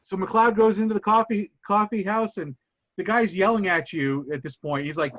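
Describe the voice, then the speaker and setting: A man's voice: high-pitched, moderate pace, fairly bright tone, no echo, dull audio. A man running a tabletop role-playing game, narrating in a rambling way that keeps correcting itself. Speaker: game master.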